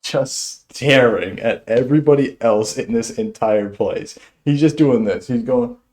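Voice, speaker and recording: A young man telling a stand-up story in an animated way, chuckling as he goes. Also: medium pitch, a little slow. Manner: animated, chuckles through his own story. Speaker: stand-up comedian.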